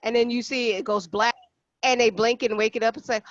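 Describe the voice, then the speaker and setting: A woman's voice: on the high side, fairly even intonation, fairly quick, dry recording. Woman with a dry, muffled sound on a podcast. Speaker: podcast co-host. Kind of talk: casual chat.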